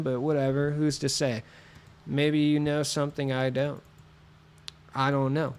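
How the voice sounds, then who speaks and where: A man streaming a basketball video game, chatting casually and excitably with viewers, cursing as he plays, with a voice a little lower than usual from being sick. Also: unhurried, long pauses, slight background noise. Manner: swearing, excitable, talks to chat while playing. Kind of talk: casual gaming stream chat.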